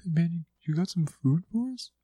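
A man doing a lazy, rude pet python with a high, whiny voice, pitched well above his own. The sound is close and dry. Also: expressive, a little fast, warm tone, breathy edge, no echo.

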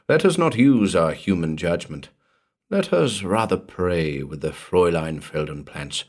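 A mild village priest in a weird-tale reading, speaking softly and solemnly, as a male narrator puts him on. The voice stays deep and unhurried. Calm and grave throughout. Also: heavily acted. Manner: soft-spoken and solemn. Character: mild, gentle middle-aged village priest, man.

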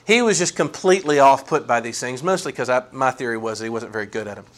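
A man preaching a sermon, animated and folksy, acting out sarcastic quotes. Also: mid-range voice, fast. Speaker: pastor.

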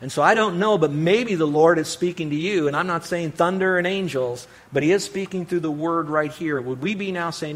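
A middle-aged man delivers a sermon in a slightly high-pitched voice. He speaks with earnest conviction, pushing hard on key phrases before easing into soft, reflective asides. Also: a little fast, hardly any pauses. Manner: earnest preaching, rising to emphatic peaks and dropping to quiet asides. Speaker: pastor.

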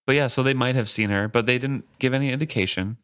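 A man co-hosting a casual book discussion, talking in a relaxed, chatty way with many hedges and reading passages aloud. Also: medium pitch, fast, clear, resonant tone.

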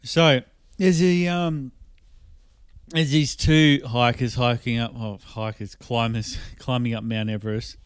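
A man's voice: medium pitch, steady tone, measured pace, smooth, no echo. An Australian man co-hosting a casual podcast, crude and joking as he rambles through stories. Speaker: podcast co-host.

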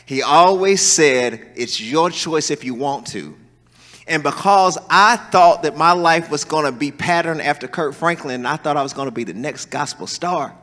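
A man preaching a sermon in a church, telling stories and calling on the congregation to respond. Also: a little high. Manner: animated, folksy storytelling with call-and-response. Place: large church hall. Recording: reverberant church hall.

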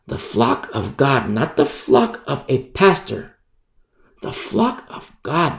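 A man preaching a sermon, emphatic, repeating phrases and letting his voice climb and then drop low. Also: expressive, slow pace, reverberant.

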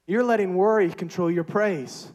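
A man preaching a sermon with energetic, emphatic repetition. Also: high-pitched, normal speed.

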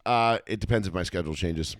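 A man co-hosting a podcast, throwing in deadpan crude jokes. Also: sits low, fast talker, no echo, clean studio sound. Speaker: podcast co-host. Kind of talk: casual chat.

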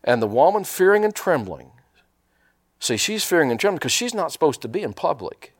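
A male pastor delivers a sermon to his church. His pitch sits a little high and swings widely as he preaches with energy, often asking the room questions to draw responses. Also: quick pace. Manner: animated preaching with call-and-response questions to the congregation. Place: church sanctuary.

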